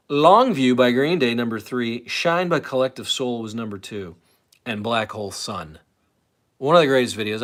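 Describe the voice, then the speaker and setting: A man in his late forties hosts a live stream, talking off the cuff. He wanders between thoughts, restarts his sentences and answers viewers' comments as they come in. His voice sits at an ordinary pitch for a man. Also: fairly bright tone. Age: late 40s. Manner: rambling, self-interrupting, reads chat aloud. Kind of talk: casual live stream chat.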